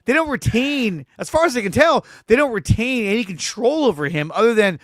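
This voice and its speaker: A man co-hosting a sports podcast who argues bluntly, swears and gets loud when he makes a point. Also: very high voice, lively intonation, brisk, few pauses, no echo, studio quality. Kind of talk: casual sports talk.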